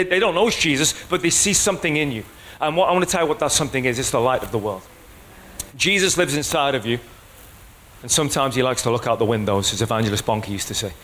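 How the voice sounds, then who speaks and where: A man's voice: medium pitch, a bit bright, a little hiss or hum. A man preaching a sermon in a conversational way, often checking in with the congregation.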